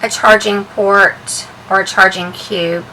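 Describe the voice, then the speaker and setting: A woman vlogger chatting casually as she shows the contents of her handbag, relaxed and full of ums and uhs. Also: mid-range voice, takes it slowly, background noise. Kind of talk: casual show-and-tell vlog.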